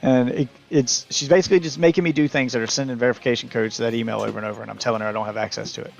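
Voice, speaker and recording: A man's voice: mid-range voice, rapid-fire, creaky, lo-fi sound, soft background music. A man streaming live, telling a long story in a casual, exasperated rant that stumbles and restarts as he gets worked up. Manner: exasperated, animated ranting with restarts.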